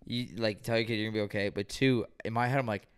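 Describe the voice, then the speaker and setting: A young man, a podcast guest, chatting in a relaxed, easygoing way. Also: lowish voice, fast talker, clean tone. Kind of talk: casual podcast chat.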